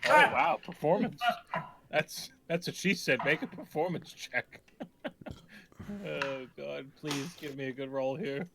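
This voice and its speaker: A man's voice: a little high, expressive, slow pace, vocal fry, pauses often, a crowd in the background. A man joking around as a player at a tabletop game, crude and playful. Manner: jokey, crude. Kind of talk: casual tabletop banter.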